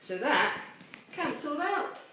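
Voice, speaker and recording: A woman's voice: high-pitched, very animated, unhurried. A woman leading a children's chapel assembly from home, explaining games step by step in a cheerful, playful way. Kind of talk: home video children's lesson. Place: home with garden course, indoors and out. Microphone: camera held by a helper some distance off. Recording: echoey, distant camera mic, faint noise.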